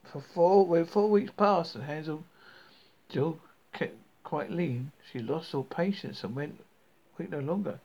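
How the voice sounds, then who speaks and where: A man reading a fairy tale aloud, halting and often stumbling over words, on a dull lo-fi recording. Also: on the high side, darkish tone. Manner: halting, with frequent stumbles and restarts. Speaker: storybook reader.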